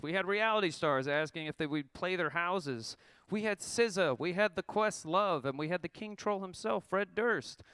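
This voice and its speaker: Smooth-voiced man telling a wry tour story. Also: high voice, fairly bright tone, no echo. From Oklahoma. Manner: wry and profane, reading a prepared story. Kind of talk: storytelling talk to an audience.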